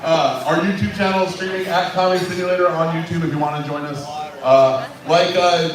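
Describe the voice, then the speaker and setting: A man's voice: fairly high pitch, steady tone, fairly quick. A man hosting an open mic, bantering with the crowd, teasing hecklers and introducing the next comic. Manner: brash and teasing, swears at online hecklers. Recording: echoey club from far off, with a loud crowd.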